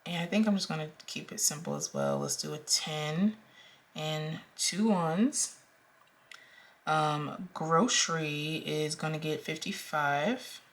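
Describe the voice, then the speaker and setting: A woman's voice: low voice, sing-song, slow pace. A young woman talking casually through her budget as a vlogger, counting out amounts aloud with frequent ums. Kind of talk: casual talk-through while cash stuffing.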